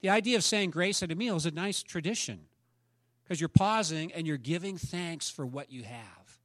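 Middle-aged pastor guy preaching, bit higher voice, swells loud then goes quiet, dry close mic. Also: expressive, moderate pace, dry recording. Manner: preacherly, rising to emphatic peaks then dropping soft. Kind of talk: sermon.

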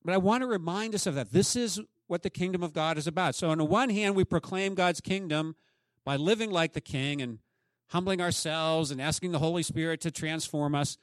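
A man's voice: a little high, a little fast, no echo, clean studio sound. A man preaching a sermon as pastor, emphatic and often asking the congregation questions.

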